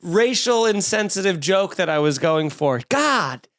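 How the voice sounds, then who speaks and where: A man's voice: high voice, expressive, a little slow, a bit bright. A man with a Long Island accent hosting a comedy podcast, talking in a snarky, sarcastic, rambling rant. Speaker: podcast host. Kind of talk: comedic ranting chat. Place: at home with windows open.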